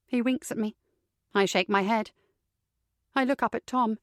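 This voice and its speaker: A woman reading a first-person psychological thriller audiobook in a measured, steady way, close to the mic. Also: a little high, no echo. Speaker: audiobook narrator.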